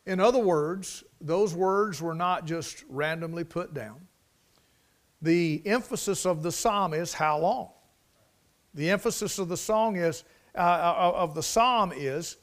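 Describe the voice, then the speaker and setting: Male preacher with a higher voice. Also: animated, a little slow, fairly bright tone. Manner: preaching with rising emphasis and repetition; prayerful, lowered voice in prayer. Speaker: pastor. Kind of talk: sermon.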